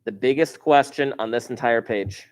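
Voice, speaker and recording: A man at a middle pitch talks a class through a math problem. He is chatty and informal. He repeats important phrases over and over so they stick. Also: normal speed. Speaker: math teacher. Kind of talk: recorded classroom math lesson.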